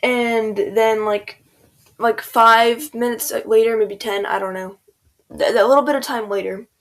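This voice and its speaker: A woman's voice: on the high side, fairly even intonation, measured pace. A teenage girl rambling casually through a storytime over gameplay, full of "like" and "um", quoting people as she goes. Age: teens. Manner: rambling, filler-heavy, quotes people in voices. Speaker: gaming video creator.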